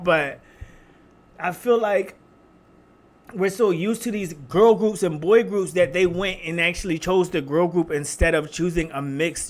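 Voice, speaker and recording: Male reaction vlogger, Philly accent, light high voice, chatty and emphatic. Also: a bit bright. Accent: Philadelphia. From Philadelphia. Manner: chatty and emphatic, addressing viewers as y'all. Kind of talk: casual reaction review.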